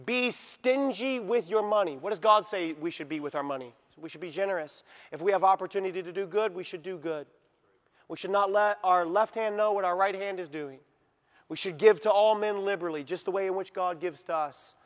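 Male pastor, high voice, sermon in a church with long hall reverb; drops to near-whispers, then builds to shouts. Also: a little fast. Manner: dramatic swings from hushed to shouted.

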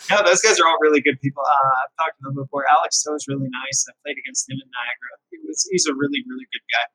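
A man talks fast in a friendly, chatty way, his voice a little high. The tone is bright and slightly husky. The recording is dry, with no echo. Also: sing-song. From Canada. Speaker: podcast guest. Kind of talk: casual chat.

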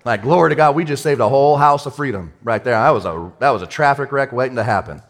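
A male pastor giving a sermon in a casual, excitable way, with everyday slang. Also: medium pitch, fast talker.

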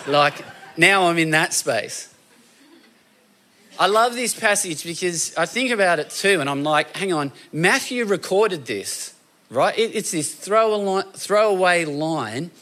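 A man preaching a sermon in a conversational, animated storytelling way, often acting out voices. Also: sits high.

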